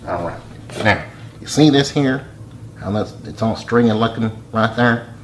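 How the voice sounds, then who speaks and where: In a home kitchen, a man gives a casual cooking demonstration with folksy, relaxed step-by-step instructions. He speaks unhurriedly in a voice on the low side, with background noise present.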